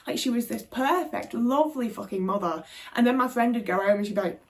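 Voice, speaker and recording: A British video creator, a woman, tells her own life story to camera frankly, swearing a lot and filling her speech with "like." Her voice sits fairly high, with lively intonation and a brisk pace, recorded far from the mic.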